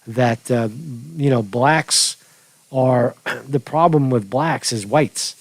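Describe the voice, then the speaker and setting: A man's voice: medium pitch, takes it slowly, dry recording. A man hosting an informal commentary stream, rambling with many restarts and fillers. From New York. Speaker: news commentary host. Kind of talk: casual livestream commentary. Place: home studio.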